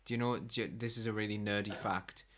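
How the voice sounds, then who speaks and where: A man co-hosting a podcast in relaxed casual chat, rambling a little and sharing nerdy facts. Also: lowish voice, quick pace. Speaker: podcast co-host.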